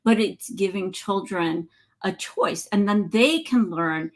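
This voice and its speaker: A woman speaks as a counselor in a measured, teacherly voice. She explains things patiently and checks in with rhetorical questions. Her tone is conversational rather than scripted. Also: mid-range voice, gravelly.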